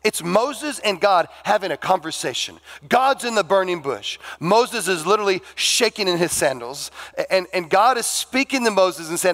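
A man preaching a sermon as pastor, animated and acting out the dialogue of the people in his story. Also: high voice, normal speed. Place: church sanctuary.

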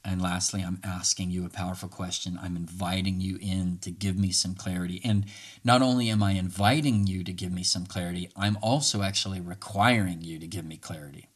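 A man's voice: sits low, fairly even intonation, brisk, slightly rough. A man hosting a podcast in a casual, earnest, coaching way, repeating phrases for listeners to say along. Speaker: podcast host. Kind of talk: casual podcast talk on communication.

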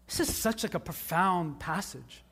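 Male pastor, high voice, chatty sermon with quick jokes to the congregation, big reverberant hall. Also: lively intonation, vocal fry, fairly bright tone, slightly rough. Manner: casual, joking asides with the congregation. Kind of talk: conversational sermon. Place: church service before a live congregation.

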